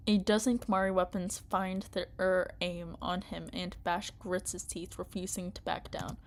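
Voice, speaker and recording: A woman streamer reading game narration aloud and breaking off to rant loudly at the story, often laughing. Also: fairly low pitch, flat delivery, unhurried.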